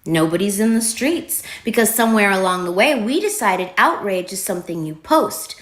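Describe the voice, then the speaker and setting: A woman's voice: medium pitch, lively intonation, fairly bright tone. Pointed woman commentator in an echoey room. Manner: measured, pointed delivery with short punchy lines. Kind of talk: scripted political commentary.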